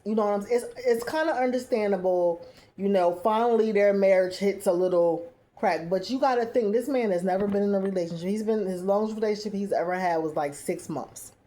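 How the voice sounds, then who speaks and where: A woman recapping a reality show in a casual, opinionated, animated way. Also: mid-range voice, fairly quick. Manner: chatty, opinionated, animated storytelling with playful asides.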